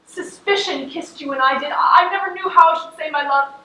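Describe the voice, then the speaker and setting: A woman's voice: high voice, fairly quick, pushed and bright. A teenage actress on a school stage playing a plain, earnest farm wife who pleads with her husband. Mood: tender. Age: late teens. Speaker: student actor. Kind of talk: stage acting in a school play. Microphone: distant camera in the audience. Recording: echoey hall from far off.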